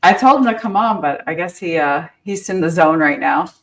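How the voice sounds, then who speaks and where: Low-voiced woman rallying her team. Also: expressive, a little fast. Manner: brash, joking, rallying the team. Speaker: real estate agent hosting a prospecting session. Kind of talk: casual chat over a video call.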